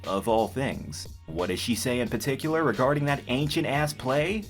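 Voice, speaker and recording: A man ranting in a sarcastic commentary, his pitch swinging up and down as he mocks what he reviews. He swears freely and keeps breaking into disbelieving laughs. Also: lively intonation, moderate pace, few pauses, faint music behind. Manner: mocking, profane, breaks into laughter. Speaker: comic reviewer.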